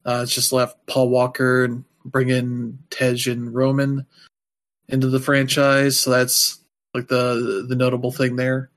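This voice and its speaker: A man in casual podcast chat, talking at a middling pitch. He rambles loosely, filling gaps with "like" and "uh", and tosses in wry, offhand asides. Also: monotone, unhurried. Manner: rambling, loose, heavy with fillers.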